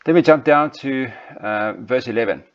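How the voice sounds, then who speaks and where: A man preaching a study of a Bible passage, talking loosely with many ums, pauses and restarts. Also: mid-range voice. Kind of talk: sermon text study with slides. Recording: dull lo-fi sound.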